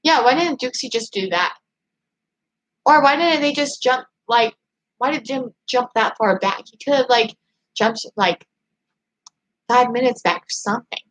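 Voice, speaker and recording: A young woman hosting a casual livestream, chatting in an excited, emphatic way as she reads viewer comments. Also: fairly high pitch, a little slow, pauses often, rough recording. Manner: excited, emphatic, gushing fan talk. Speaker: livestream host.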